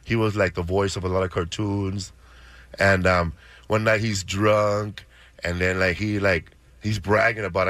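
Comedian guy rambling on a radio show, bright voice, dry sound. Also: fairly low pitch, fairly even intonation, measured pace, no room sound. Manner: rambling storyteller, many fillers. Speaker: comedian guest. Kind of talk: casual radio chat.

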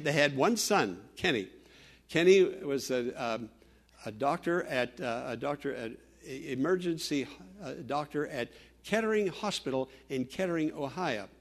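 An older man preaching a sermon as pastor, emphatic, with loud declarations that drop to hushed storytelling. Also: on the high side.

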